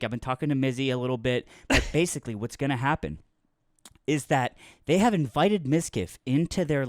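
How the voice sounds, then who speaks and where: A man's voice: medium pitch, no room sound. A man co-hosting a comedic podcast, spinning a rambling mock-news story and laughing through his own lines, on a close mic. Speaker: podcast co-host. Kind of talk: casual comedic podcast chat.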